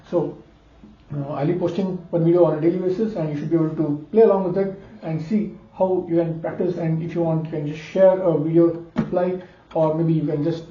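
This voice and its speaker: A man giving a casual ear-training lesson, talking between notes and humming the intervals back. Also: a little high. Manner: talks between played notes, hums and sings intervals back. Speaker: music teacher. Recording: roomy lo-fi recording under loud guitar.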